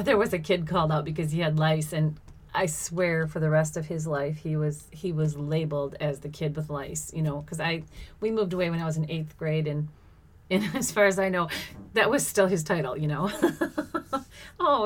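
A woman's voice: low voice, fairly quick. A middle-aged woman telling a personal story in a casual monologue, laughing often and exclaiming as she acts out what people said.

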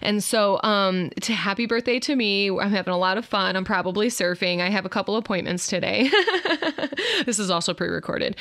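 A woman, hosting her own podcast in an upbeat, expressive, chatty way. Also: mid-range voice, smooth, dry recording, studio quality. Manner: upbeat, expressive, says "y'all". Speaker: podcast host. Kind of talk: casual solo podcast talk.

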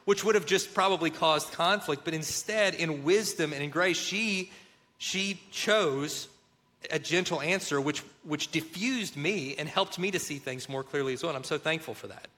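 A man with a bright, ringing tone and a somewhat high voice talks earnestly about marriage and faith. He tells stories with animation and acts out the quotes in them. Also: moderate pace. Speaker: co-host of a marriage show. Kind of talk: faith-based marriage talk.

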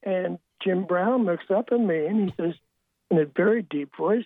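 An older man, a sportswriter guest, telling wry anecdotes in a halting way with many restarts. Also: sits high. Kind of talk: storytelling interview. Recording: tinny dry phone line.

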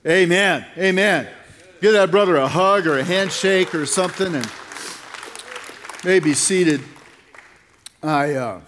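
A man's voice: high-pitched, unhurried, long pauses, a bit bright, some chatter behind. An older man in his seventies, speaking as a conference speaker in an earnest, folksy way with repeated phrases. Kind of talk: sermon with prayer and jokes.

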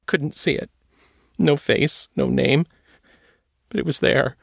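A man's voice: a little high, takes it slowly, gravelly, breathy edge, no room sound, clean studio sound, pitched above the performer's own voice, full character voice. A man voicing the frightened ghost of a young girl who speaks in clipped, broken phrases. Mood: fearful.

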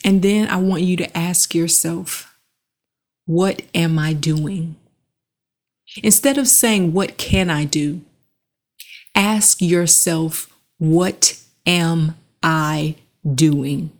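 Slow, earnest woman with a low voice. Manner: earnest, measured, pausing between phrases. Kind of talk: reflective monologue with guided breathing.

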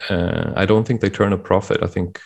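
A man with a very low, gravelly voice co-hosts a casual legal podcast. He muses aloud and hedges his points as he goes, at a relaxed pace. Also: fairly quick. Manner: thoughtful, hedging, musing aloud. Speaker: podcast co-host.

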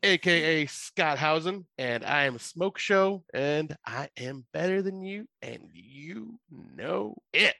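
A man's voice: on the high side, animated, takes it slowly, creaky, few pauses, bright, forceful tone, no echo. A man from Michigan co-hosting a horror podcast, trading jokes and boasts in casual chat. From Michigan, United States. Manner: jokey, boastful self-introduction. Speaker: podcast co-host.

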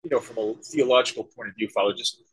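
A man, a former special-forces soldier and leadership consultant, answering interview questions thoughtfully with halting restarts. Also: mid-range voice, breathy edge, rough recording. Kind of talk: conversational interview.

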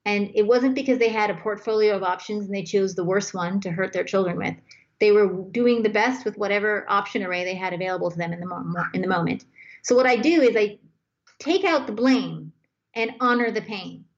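A woman's voice: mid-range voice, a little fast. A woman speaking as a guest on a talk show, giving flowing, emphatic advice and acting out sample dialogue. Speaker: guest expert. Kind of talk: relationship advice chat. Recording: slightly dull lo-fi sound.

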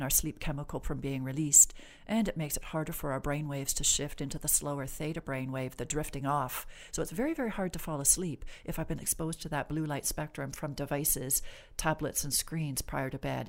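A woman clinician, a guest on the podcast, explaining stress and sleep in a measured, reassuring, gently instructive way. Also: low-pitched. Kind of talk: calm explanatory interview talk.

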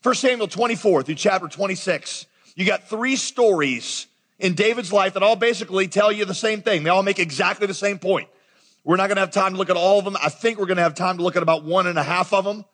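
Man, pastor, conversational and animated sermon, light high voice, long hall reverb. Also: fast. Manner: conversational, animated preaching with asides to the congregation. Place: large church auditorium.

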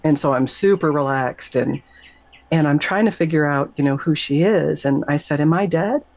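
A middle-aged woman, a nurse, telling an emotional personal story in an interview, animated and emphatic, her voice leaping up whenever she quotes herself. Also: moderate pace, vocal fry, no room sound, rough recording. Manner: animated, emphatic, jumps high when quoting herself. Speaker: guest, nurse.

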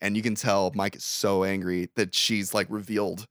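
A man's voice: lowish voice, moderate pace, no echo, studio quality. A man casually recapping a movie plot on a podcast, swearing freely and acting out the characters' lines. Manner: profane, animated retelling with acted quotes. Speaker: podcast co-host.

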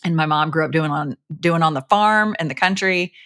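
A woman's voice: sits low, moderate pace, fairly bright tone, clean tone. A woman from the American South co-hosting a podcast, chatty, laughing easily and restarting her sentences. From Southern United States, Jacksonville. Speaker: podcast co-host. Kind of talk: casual podcast chat.

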